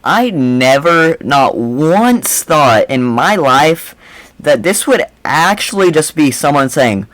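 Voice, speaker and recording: Young male reaction host, mocking and rambling, very animated delivery, dry close mic. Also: medium pitch, a little slow, dry recording, poor audio. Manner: mocking, animated, rambling with repeated "I mean, seriously". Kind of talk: casual reaction commentary.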